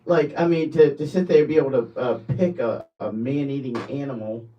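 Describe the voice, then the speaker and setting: This man co-hosts a laid-back podcast conversation, and his speech halts and restarts a lot, frequently rising into louder, higher-pitched animated outbursts. The sound is dull and lo-fi, with him positioned far from the microphone.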